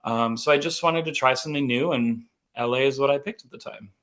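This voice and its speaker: A man's voice: medium pitch, brisk, a bit bright. A man in his thirties from North Dakota with a light North Dakota accent, telling stories as a podcast guest in a chatty, upbeat way. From North Dakota, USA. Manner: chatty, upbeat storyteller, frequent "like" and "um". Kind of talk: casual interview chat.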